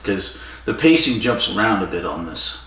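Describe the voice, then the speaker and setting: A man's voice: low voice, sing-song, normal speed, sharp tone, a little hiss or hum. A man co-hosting a podcast, casually retelling a story with fillers and quoted lines. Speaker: podcast co-host. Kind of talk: casual chat. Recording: echoey room from far off.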